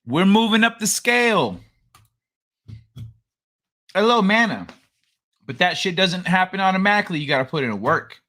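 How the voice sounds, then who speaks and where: Male livestream host, high and animated, jokey and rambling with viewers. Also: moderate pace, pauses often. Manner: rambling, jokey, greets chatters by name. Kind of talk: casual livestream chat.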